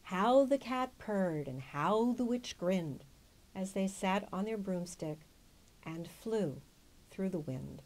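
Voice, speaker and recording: A woman's voice: medium pitch, animated, slow, a little mellow, poor audio. A woman reading a children's picture book aloud with dramatic, varied storytelling.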